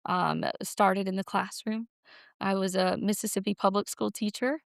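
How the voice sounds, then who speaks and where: A woman's voice: mid-range voice, flat delivery, moderate pace, gravelly, dry recording, clean studio sound. A woman, a school's director of development, telling family stories earnestly in a casual podcast interview. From Alabama, USA. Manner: earnest storytelling, frequent ums.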